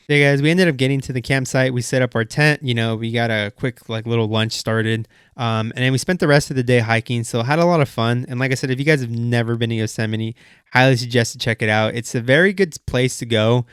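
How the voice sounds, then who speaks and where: A man's voice: mid-range voice, clean tone, dry recording, clean studio sound. A young man hosting a car vlog, telling a story casually with lots of fillers and quoted asides. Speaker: car channel host.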